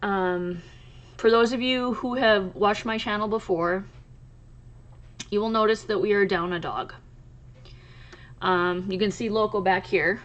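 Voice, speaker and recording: A woman speaks casually to her viewers in a soft voice of middle pitch, often pausing and starting over as she talks. Her pace is unhurried. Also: highs cut off. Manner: soft, halting, many ums and restarts. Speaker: crochet channel host. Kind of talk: casual chat to camera.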